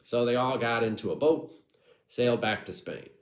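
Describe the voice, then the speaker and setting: A man's voice: medium pitch, normal speed, echoey room, rough recording. A man telling a comic folk tale with wry, irreverent asides to his audience. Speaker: storyteller.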